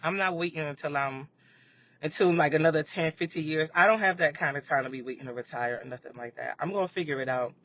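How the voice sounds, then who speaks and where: High bright-voiced man ranting on a livestream. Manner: rambling, talks straight to viewers, frequent "you know what I mean". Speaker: livestream host. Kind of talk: casual live chat commentary on current events. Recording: muffled lo-fi audio with faint rumble.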